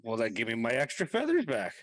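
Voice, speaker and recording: A man playing his character in a tabletop game, gruff and swearing freely. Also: medium pitch, huge pitch swings, fast talker, fairly bright tone, no echo. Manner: gruff and foul-mouthed. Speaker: player. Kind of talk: in-character tabletop role-play.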